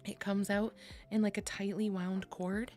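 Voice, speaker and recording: A woman's voice: mid-range voice, level tone, measured pace, a little mellow. A young woman streaming, chatting casually with her viewers, swearing freely, laughing often and reading chat aloud. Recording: faint music behind.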